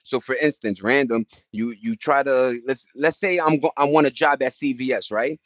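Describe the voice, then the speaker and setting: A man's voice: medium pitch, steady tone, moderate pace, no echo, dull audio. A man in his forties from New York with a New York accent, chatting casually on a livestream in streetwise slang and greeting viewers by name. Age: 40s. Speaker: livestream host.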